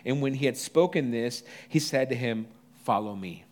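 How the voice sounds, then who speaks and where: A pastor in his thirties delivering a sermon in a conversational, animated way, with asides to the congregation. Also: medium pitch, normal speed.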